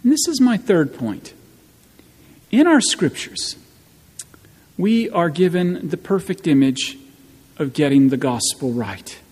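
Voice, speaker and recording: A man preaching a sermon as pastor, slow and emphatic, with wry asides, in a church. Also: fairly high pitch, very animated, darkish tone, husky. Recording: long church reverb.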